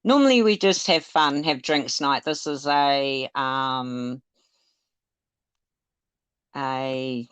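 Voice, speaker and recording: A woman's voice: rumbling low, very slow, pauses often, clean tone, no echo. A woman hosting a casual live stream, talking hesitantly with lots of fillers. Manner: chatty, hesitant, full of fillers and laughs. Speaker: livestream host.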